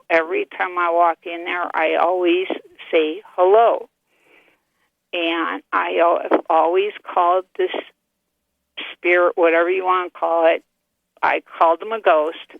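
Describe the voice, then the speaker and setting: An older woman calling in by phone, telling a ghost story in a chatty, animated way, full of "I go" and "he goes". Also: fairly low pitch, unhurried, gravelly, no echo. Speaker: caller. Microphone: telephone. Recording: tinny dry phone line.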